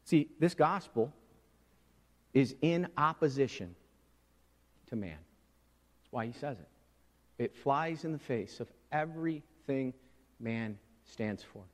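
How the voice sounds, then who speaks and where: A man preaching a sermon, swinging from hushed asides to loud, emphatic proclamation. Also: mid-range voice, lively intonation, slow, long pauses, in a large hall. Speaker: pastor.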